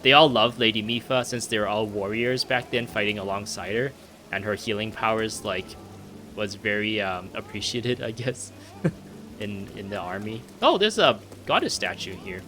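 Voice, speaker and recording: A man's voice: lowish voice, moderate pace, bright, forceful tone, a little hiss or hum. A young man casually chatting while he plays a video game, laughing and joking about himself. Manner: chatty, laughing, self-deprecating. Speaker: gaming video host. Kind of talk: casual gameplay commentary.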